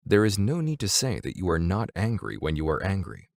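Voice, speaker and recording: A man with a very low, gravelly voice reads spiritual teachings aloud. His delivery is measured and deliberate, but his pitch rises and falls in a lively way. The sound is dry and close, with no room echo. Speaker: narrator reading Zen teachings. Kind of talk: audiobook-style reading of a spiritual text.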